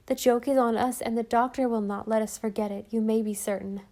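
Tender storybook mother, the narrator's own voice, soft and warm. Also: on the high side, fairly even intonation, brisk, lightly acted. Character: loving young mother, gentle and relieved. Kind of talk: audiobook character reading.

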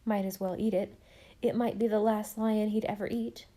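A woman narrating a children's novel aloud in an expressive storytelling manner, sometimes dropping to hushed tones. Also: mid-range voice, normal speed. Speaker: audiobook narrator.

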